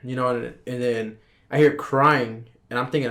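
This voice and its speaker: A young man, a podcast guest, telling a long personal story in casual chat, rambling and animated and tossing in "bro" all the time. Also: mid-range voice, normal speed.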